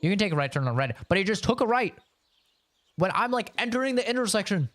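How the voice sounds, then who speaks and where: A man's voice: high voice, very animated, fast, a bit bright, no room sound. A man streaming a game, telling casual stories with loose swearing and laughter. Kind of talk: casual chat while gaming.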